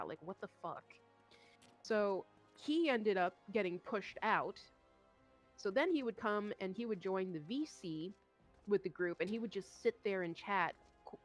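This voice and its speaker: A young woman streamer telling a story in casual chat, animated and swearing, acting out what others said. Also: medium pitch. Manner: animated, swearing, acts out quoted voices.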